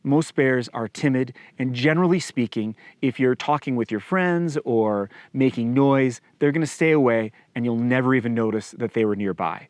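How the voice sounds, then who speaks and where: A man talking casually to camera, explaining outdoor safety in a relaxed, conversational way with a light joking touch. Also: mid-range voice, dry recording. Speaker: outdoor guide and vlogger.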